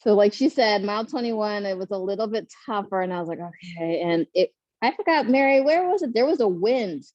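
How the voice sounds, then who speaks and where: Woman panelist, animated storyteller, dry muffled sound, mid pitch. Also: fairly quick, no room sound. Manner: animated, laughing, acts out quotes. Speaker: panelist, first-time marathoner.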